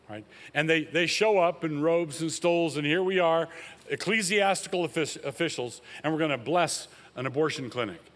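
A man's voice: mid-range voice, a bit bright, big-room sound. A man preaching a sermon as a pastor, speaking emphatically and rising sharply when he quotes.

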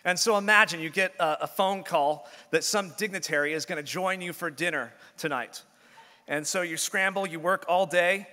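A man's voice: high-pitched, moderate pace, pushed and bright. A man preaching a sermon as pastor in a church, earnest, with frequent restarts. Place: church sanctuary. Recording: long church-hall reverb.

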